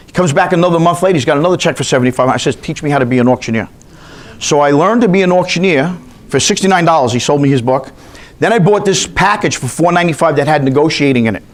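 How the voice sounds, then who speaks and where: A man's voice: a little high, fast. A man from New York teaching a continuing education class, telling chatty stories and quizzing his audience. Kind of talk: storytelling lecture to a class.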